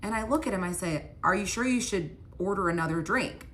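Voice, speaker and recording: A woman's voice: medium pitch, a little fast. A young woman casually telling a personal story, acting out both sides of the argument and filling her speech with "like". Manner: animated retelling with many "like" fillers, quoting both sides of arguments. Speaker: storyteller recounting her relationship.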